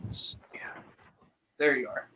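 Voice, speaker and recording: Whispering at a slow pace, a male podcast co-host sounds pushed and bright. The chat is casual, and he rambles and jokes with lots of fillers.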